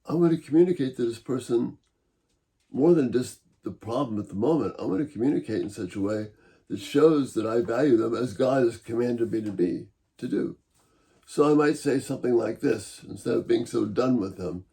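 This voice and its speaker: A middle-aged man teaching from the Bible in a calm, measured way. His voice is warm and mellow, sitting at an ordinary middle pitch. He sounds gently persuasive rather than forceful. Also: vocal fry. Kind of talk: Bible-based teaching talk.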